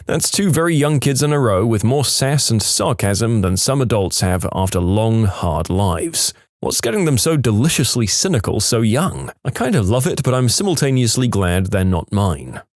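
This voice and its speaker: A man's voice: fairly low pitch, moderate pace, no echo, studio quality. A man reading funny short stories aloud as a narrator, with wry asides and acted-out quotes. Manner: lively storytelling, acts out quotes, wry asides. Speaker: storytime narrator.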